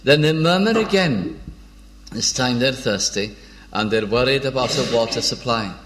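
A man's voice: medium pitch, lively intonation, a bit bright, slight background noise. Man preaching with frequent hesitations. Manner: unhurried, with frequent hesitations and restarts; reads old biblical verses in a measured tone. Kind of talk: informal sermon on scripture.

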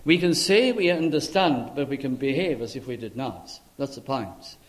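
A man preaching a sermon in a dramatic way, swinging between loud emphasis and hushed, quiet lines. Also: mid-range voice, expressive, normal speed.

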